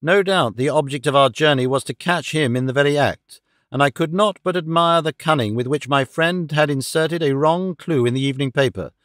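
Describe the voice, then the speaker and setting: A man narrating an audiobook in a steady, even storytelling manner. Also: fairly high pitch, fairly quick, dry recording, clean studio sound. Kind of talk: scripted narration.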